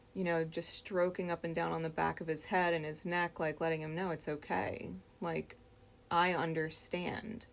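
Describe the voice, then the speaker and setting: Slow, gravelly-voiced woman recounting a dream. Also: on the low side. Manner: slow, reflective, with frequent pauses and restarts. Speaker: storyteller.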